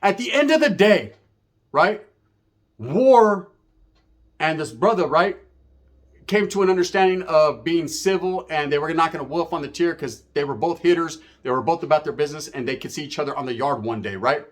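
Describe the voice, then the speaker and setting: Man, fairly high voice, casual storytelling, street slang, profane, animated. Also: moderate pace. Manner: animated, with sound effects. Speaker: storyteller recounting prison life.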